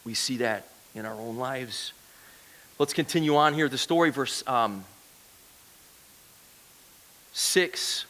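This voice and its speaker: Bright-voiced man preaching a sermon. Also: medium pitch, slow, long pauses. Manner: conversational, asks the congregation questions. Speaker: guest preacher. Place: church.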